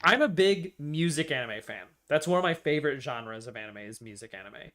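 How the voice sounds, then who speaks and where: A man's voice: on the high side, animated, brisk, fairly bright tone. An American man streaming, chatting casually and playfully arguing, muttering to himself while he debugs code. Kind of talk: casual livestream chat while coding.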